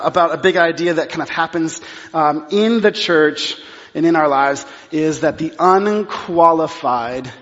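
A middle-aged male pastor preaching a sermon in a church, telling a story in an animated way and acting out both sides of the exchange. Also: fairly high pitch. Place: church sanctuary. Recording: dull sound with long hall reverb.

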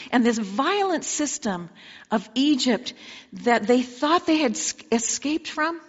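A woman's voice: sits high, a bit bright, highs cut off. Woman preaching in a reverberant hall. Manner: dramatic storytelling with direct questions to listeners. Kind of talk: sermon.

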